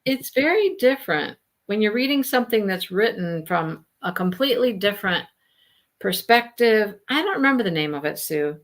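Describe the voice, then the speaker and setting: A woman chats casually about books on a live show, her pitch swinging up and down with a lot of life. She talks in a loose, friendly way and laughs easily. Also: moderate pace. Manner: chatty, laughing, animated. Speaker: book discussion host.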